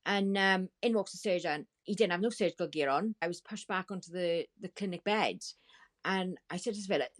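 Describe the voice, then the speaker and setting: A woman guest on a talk show, telling a painful story in a halting, distressed way with many restarts. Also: lowish voice. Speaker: podcast guest. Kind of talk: emotional storytelling.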